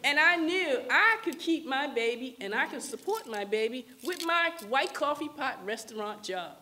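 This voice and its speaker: A woman's voice: high voice, animated, normal speed. Older woman telling her story. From New York. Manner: candid, wry, drops soft for painful parts. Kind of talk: personal storytelling. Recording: faint hiss.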